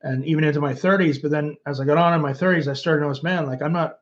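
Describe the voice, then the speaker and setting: A man's voice: on the high side, steady tone, fast talker, highs cut off. A Canadian man in his fifties, chatting loosely on a livestream and reading out viewer comments. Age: 50s. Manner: rambling, reads viewer comments aloud. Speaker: YouTube host. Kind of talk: casual livestream chat.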